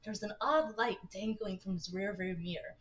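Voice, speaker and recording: A woman's voice: medium pitch, normal speed, muffled recording. A young woman livestreaming a dating game, reading its text aloud with giggly, chatty asides. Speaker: streamer.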